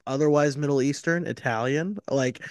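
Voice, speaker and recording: A man's voice: medium pitch, moderate pace, darkish tone, clean tone, dry recording, clean studio sound. Wry man trading quips on a podcast. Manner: wry quips, chuckles often. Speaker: podcast co-host. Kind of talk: casual chat.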